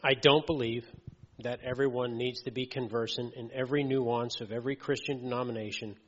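A man delivers a sermon in a plain, conversational manner, pausing on fillers and checking that the congregation is with him. His voice sits at an ordinary mid pitch. The recording is dull and muffled, with a long reverb trailing off the walls of a church hall. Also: steady tone, a bit bright. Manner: conversational, frequent fillers and checks like "okay" and "right". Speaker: lay preacher.

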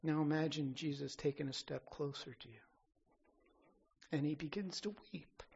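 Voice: medium pitch, moderate pace, vocal fry, a little mellow, breathy edge, muffled recording. A pastor preaching a sermon with emphatic declarations that build and then drop back down.

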